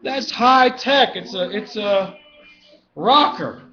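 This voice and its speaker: A man's voice: high voice, lively intonation, takes it slowly, soft background music. Erratic ranting man, lo-fi audio. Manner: erratic, swings from mumbling to shouting. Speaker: vlogger. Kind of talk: rambling monologue rant. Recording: dull lo-fi webcam audio.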